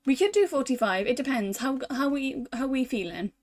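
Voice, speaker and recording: A young woman from the UK chatting casually as a streamer while playing a visual novel, thinking out loud in a self-deprecating way. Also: high-pitched, expressive, normal speed. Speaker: VTuber streamer.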